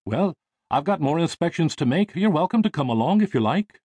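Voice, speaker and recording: A man playing a brisk, friendly young engineer. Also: on the high side, very animated, a little mellow, slightly rough, no echo, voice pushed up. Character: energetic young ship designer, busy man.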